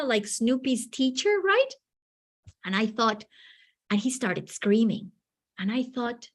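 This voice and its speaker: A woman giving a teacher training talk, animated and acting out little dialogues from her stories. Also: fairly high pitch, a little slow, long pauses. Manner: animated, acts out dialogues in quoted voices.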